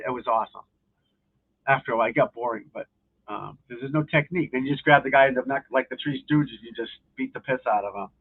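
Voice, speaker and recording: A man with a gravelly, rough-edged voice chats loosely and profanely on his own live stream, wandering from sport to sport. The sound is thin and tinny, as if it came over a phone line. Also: on the high side. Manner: loose, profane, talking to viewers while flipping channels. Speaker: golf instructor hosting a live stream. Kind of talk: casual rambling live-stream chat.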